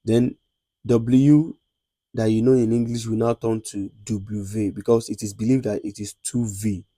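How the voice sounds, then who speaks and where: Slow, low-voiced Nigerian man teaching. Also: steady tone, warm tone, no echo. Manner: repeats sounds slowly for students, checks they follow. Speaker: lecturer. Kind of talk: classroom lesson on French letters.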